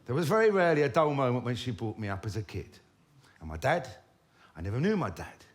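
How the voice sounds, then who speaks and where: A man, telling comic stories about his own life in a wry, swearing, animated manner. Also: medium pitch, fast talker. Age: 50s. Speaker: storyteller. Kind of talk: comic autobiographical storytelling.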